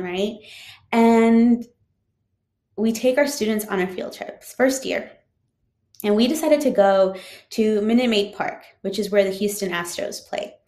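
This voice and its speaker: A woman with a mid-range, slightly mellow voice, a teacher, casually tells a personal story. She's chatty, filling her speech with frequent "like" and "um," and the recording has a roomy echo.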